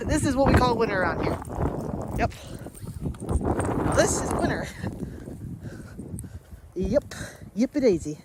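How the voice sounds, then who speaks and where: Heavy background noise surrounds a woman vlogging outdoors during a snowstorm as she chats, laughs often, and talks to her pets on a walk. A daily vlogger, she speaks on the high side with big pitch swings, at a measured pace with long pauses.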